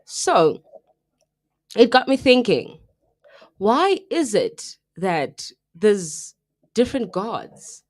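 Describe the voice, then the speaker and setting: A South African woman co-hosts a casual live radio show. Her voice sits at a middle pitch but swings widely and expressively. She tells stories in a chatty, offhand way and mixes in local phrases. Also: very slow, long pauses. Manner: chatty, animated storytelling, mixing in local phrases. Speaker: radio co-host.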